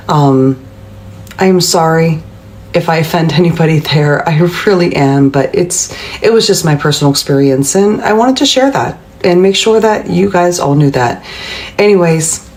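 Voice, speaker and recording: A woman's voice: on the low side, a little mellow, low-quality recording. A woman vlogger telling a personal travel story in a hesitant, reflective and apologetic way.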